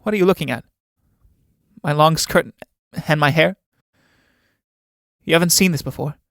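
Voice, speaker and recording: A man's voice: on the high side, moderate pace, gravelly, fairly bright tone, no room sound, studio quality. Man voicing Judith, an impetuous young woman. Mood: urgent.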